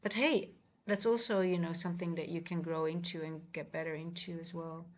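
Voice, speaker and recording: A woman's voice: lowish voice, steady tone, fairly quick. A woman coaching traders on a casual livestream, talking earnestly and rambling with many restarts. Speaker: trading coach and livestream host.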